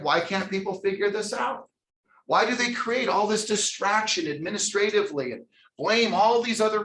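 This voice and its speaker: A man leading a motivational real estate sales training for a live audience, energetic and preachy, calling on people by name. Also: on the high side. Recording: echoey room.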